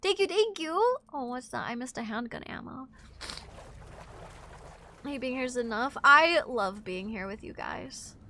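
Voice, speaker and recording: A young woman from Wisconsin chatting on a live gaming stream, sick and sleepy, scattered and chatty with sudden loud outbursts. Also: sits high, lively intonation, unhurried, long pauses, a little hiss or hum. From Wisconsin, USA. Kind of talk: casual live-stream chat while gaming.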